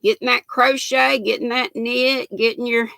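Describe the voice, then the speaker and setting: A woman's voice: a little high, fairly even intonation, moderate pace, gravelly, sharp tone, dry recording. An older woman from North Carolina with a Southern accent, hosting a live stream and chatting casually with viewers, greeting them by name and laughing often. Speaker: livestream host.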